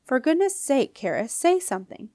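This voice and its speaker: A woman's voice: fairly high pitch, moderate pace, no room sound, studio quality, natural voice. A woman reading aloud and voicing a fussy, bossy old ghost queen who huffs and scolds. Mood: bossy, huffy. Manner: bossy, huffing, imperious.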